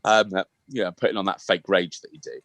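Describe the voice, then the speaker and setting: A man's voice: low voice, animated, fairly quick, a bit bright, no echo. A man in his thirties co-hosting a podcast, telling a sweary, laughing story in casual chat. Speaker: podcast co-host.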